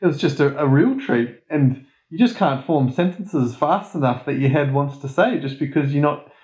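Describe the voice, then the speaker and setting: A man's voice: fairly high pitch, expressive, moderate pace, darkish tone. Australian male guest, rambling casual chat, lots of laughter; echoey, lo-fi recording. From Perth, Australia. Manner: rambling, laughs often, self-mocking. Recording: echoey, dull lo-fi sound.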